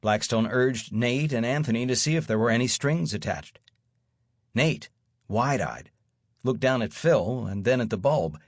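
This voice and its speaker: A man narrates an audiobook in the first person with a wry, dry storytelling manner. His voice sits at a middle pitch in a close, dry studio sound. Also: animated, unhurried, no echo.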